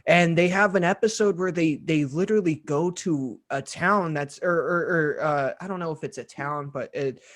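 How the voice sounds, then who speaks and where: A man's voice: on the high side, moderate pace, hardly any pauses, a bit bright. A young man co-hosting a podcast in casual chat, often stammering, repeating his words and laughing easily. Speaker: podcast co-host.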